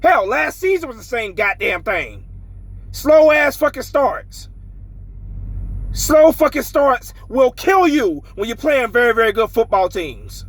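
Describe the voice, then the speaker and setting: A man's voice: very high-pitched, big pitch swings, normal speed, few pauses, fairly bright tone, rough recording. A man ranting as a frustrated sports fan in a casual vlog, swearing heavily and repeating himself.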